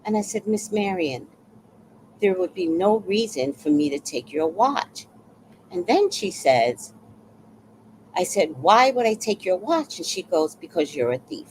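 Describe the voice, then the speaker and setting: Woman, low-pitched and lively, casual storytelling vlog, faint room noise. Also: measured pace, poor audio. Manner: animated, acts out quoted voices.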